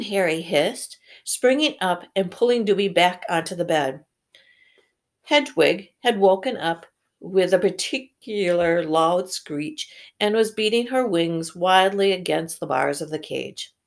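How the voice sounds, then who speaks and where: A woman reading a novel aloud slowly, correcting her slips and pausing to comment on the story. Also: lowish voice, expressive. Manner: slow, careful, stops to correct misread words. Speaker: reader. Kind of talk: read-aloud with think-aloud comments.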